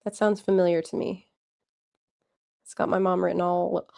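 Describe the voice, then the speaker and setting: A woman in her own natural voice hosts a relaxed livestream. Her pitch sits in a middle range, and she keeps an encouraging, chatty tone as she answers viewers' comments one by one. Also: measured pace, long pauses. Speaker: livestream host. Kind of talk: casual livestream chat.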